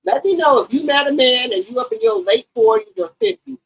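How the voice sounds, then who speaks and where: A woman in her late forties or fifties hosting a gossip channel, talking to her viewers in an animated, outspoken and profane way. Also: high voice, brisk, breathy edge, dry recording, muffled recording. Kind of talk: casual commentary to viewers.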